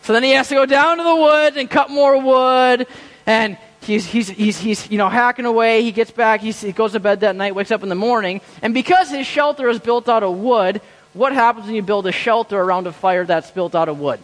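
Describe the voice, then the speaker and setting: A man's voice: high-pitched, a little fast, a bit bright. A young man preaching a sermon, telling a story and acting out the inner voices of its people, often repeating his words. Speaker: pastor. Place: church. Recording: church hall with long reverb.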